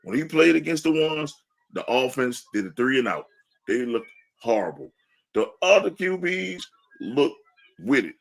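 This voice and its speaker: Animated man on a sports podcast. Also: mid-range voice, a little slow, creaky, poor audio. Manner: animated, laughing, mock-quoting fans. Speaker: podcast co-host. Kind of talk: casual sports talk.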